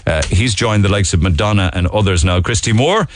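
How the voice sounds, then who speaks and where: A man's voice: fairly low pitch, a little fast, slight background noise. A middle-aged Irish man hosting a radio talk show, running through the day's stories in a chatty way with fillers and asides. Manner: chatty, with fillers and asides, voice leaping up when indignant. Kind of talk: casual talk radio monologue.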